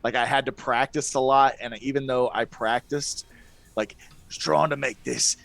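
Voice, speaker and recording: A man's voice: mid-range voice, fairly even intonation, moderate pace, gravelly, a bit bright, no echo. Rambling self-deprecating man. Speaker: guest player. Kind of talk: casual podcast chat.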